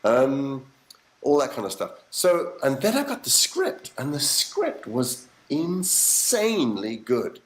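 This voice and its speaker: A middle-aged man, a voice actor, telling animated stories in a casual interview, acting out quotes and swearing now and then. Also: medium pitch, slow, rough recording. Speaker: voice actor guest.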